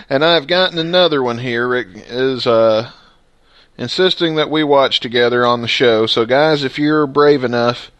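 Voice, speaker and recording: An upbeat man hosts a casual podcast, joking around and laughing easily. His voice has an ordinary pitch. The sound is dry and close, with no room echo. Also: unhurried, long pauses, a bit bright. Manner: jokey and upbeat, laughs often. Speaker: podcast host.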